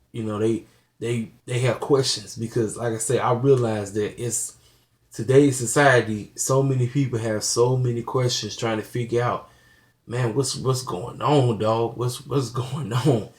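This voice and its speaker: An earnest man speaks directly to his viewers in a casual, preachy way, with a voice of ordinary middle pitch. He talks plainly and loops back on himself often, leaning on "you know" and "like I said". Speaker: channel host. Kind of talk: casual talk to camera.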